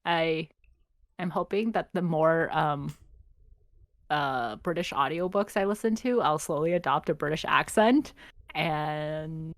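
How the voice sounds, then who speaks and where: A woman with a fairly low voice chats loosely as a podcast co-host, trailing off and restarting her thoughts. Her voice sounds close and dry, with no room around it. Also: unhurried, no echo. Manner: rambling, lots of fillers and self-corrections. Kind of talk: casual chat.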